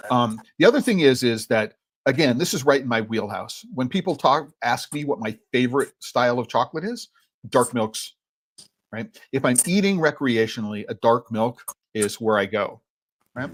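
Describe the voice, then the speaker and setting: A man's voice: mid-range voice, lively intonation, moderate pace. A man hosting a podcast tasting, talking loosely and often ending thoughts with "right?" as he chews. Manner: rambling, frequent "right?" tag questions; talks while chewing chocolate. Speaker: podcast host and chocolate educator. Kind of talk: conversational tasting commentary.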